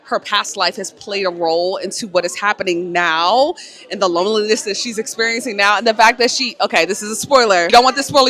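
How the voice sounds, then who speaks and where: A woman vlogging to camera in casual chat, animated and slangy. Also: medium pitch. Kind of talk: casual vlog talk to camera.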